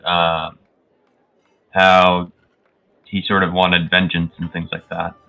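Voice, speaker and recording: Man, tabletop player, hesitant, very deep, bright, smooth. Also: completely flat delivery, slow, dull audio, soft background music. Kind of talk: casual tabletop play.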